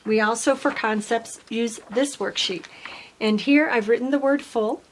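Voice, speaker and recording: A middle-aged woman speech teacher giving parents a patient step-by-step tutorial, modeling simple sentences slowly. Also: fairly high pitch, slight background noise, low-quality recording.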